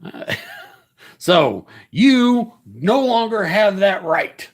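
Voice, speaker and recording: Haughty headmistress wrestler, read by a man, commanding, pitch swinging widely. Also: sing-song, extremely slow, heavily acted. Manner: commanding, declaring.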